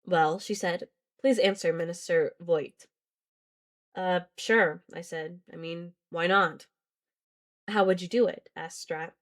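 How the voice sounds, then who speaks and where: A woman with a slightly low voice reads a novel aloud to her live-stream audience. She keeps her delivery easygoing, breaking off now and then for casual, profane chatter with the viewers. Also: fairly even intonation, slow, fairly bright tone. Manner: casual, swears and laughs between read passages. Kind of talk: live-stream book reading with chat asides.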